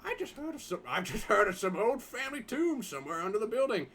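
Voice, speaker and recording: A man's voice: sits high, sing-song, quick pace, a bit bright, voice pushed up, full character voice. A man reading the lines of a brash young male treasure hunter in a point-and-click game, in an offhand, cocky way.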